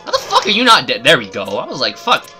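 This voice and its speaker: A man's voice: medium pitch, huge pitch swings, fast talker, pushed and bright, soft background music. A man streaming a video game live, giving profane, exasperated running commentary as he plays.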